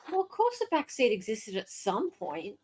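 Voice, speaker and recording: A woman's voice: on the high side, huge pitch swings, moderate pace, darkish tone, slight background noise. A woman with an Australian accent hosting a live stream, chatting playfully with her viewers. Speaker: livestream host. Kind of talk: casual live commentary.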